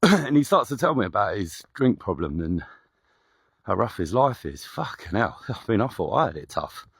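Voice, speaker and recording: Gravelly low-voiced man telling a story. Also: very animated, moderate pace, fairly bright tone, dry recording, clean studio sound. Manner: swearing, chatty, rambling with repeated "I said". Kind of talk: casual spoken anecdote.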